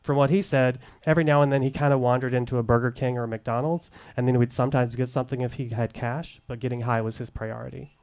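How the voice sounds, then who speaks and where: A middle-aged man telling a candid personal story at a live showcase, deliberate and wry, into a stage microphone. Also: medium pitch, steady tone, a little mellow. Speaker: storyteller, former case manager.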